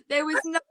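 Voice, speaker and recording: A woman, a guest telling her life story in a casual, lively chat full of fillers.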